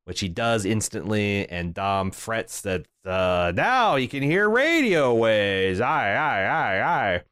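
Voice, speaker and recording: A man's voice: on the low side, sing-song, slow pace, few pauses, a bit bright, clear, resonant tone, no room sound, clean studio sound. Sardonic man recapping an episode. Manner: sardonic, profane, quotes the show in put-on voices. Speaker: podcast co-host. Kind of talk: casual podcast recap.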